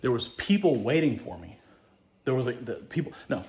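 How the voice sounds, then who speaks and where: A man tells a personal story in a rambling, profane way. He keeps restarting and repeating himself, and his mid-pitched voice swings between low mutters and sudden loud outbursts. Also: very animated, moderate pace, a little hiss or hum. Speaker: show host.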